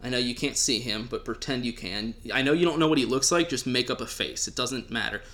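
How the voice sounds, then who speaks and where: A man's voice: mid-range voice, brisk, a bit bright. A man hosting a podcast, chatting casually in a joking, rambling way with the odd swear. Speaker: podcast host.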